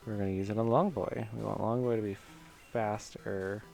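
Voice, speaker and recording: A man's voice: fairly low pitch, fairly even intonation, moderate pace, creaky, few pauses, darkish tone, soft background music. A man from Michigan chatting casually while streaming a video game, rambling and self-mocking with lots of fillers. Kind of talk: casual let's-play commentary.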